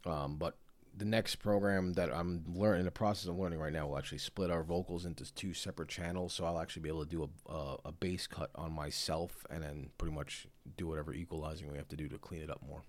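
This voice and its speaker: A man co-hosting a podcast in casual chat, with a very deep, bass-heavy voice and a dry way of explaining gear. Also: fairly even intonation, quick pace, hardly any pauses. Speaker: podcast co-host.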